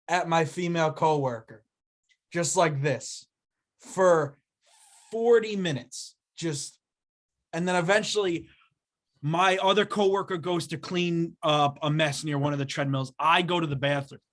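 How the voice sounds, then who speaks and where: A young man tells a long story on a casual podcast and does the voices of everyone in it. His voice is bright and a touch high. He talks the way you would with friends. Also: measured pace. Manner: animated storyteller acting out voices. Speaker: podcast co-host. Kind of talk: casual chat.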